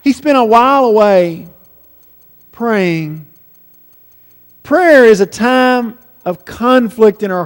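A man preaching a sermon, swinging between hushed, drawn-out phrases and raised, pleading passages. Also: extremely high pitch. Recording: long hall reverb.

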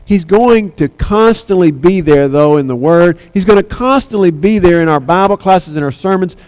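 A man's voice: on the high side, darkish tone, clean tone, rough recording. A man preaching a sermon, earnest and emphatic, pressing hard on his key points.

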